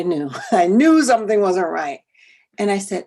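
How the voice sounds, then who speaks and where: Husky-voiced woman telling a story to a workshop. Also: mid-range voice, very animated, unhurried, darkish tone. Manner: storytelling, often dropping to a whisper for quoted thoughts; addresses the audience directly with questions. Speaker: educator leading a workshop. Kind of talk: workshop talk with personal storytelling.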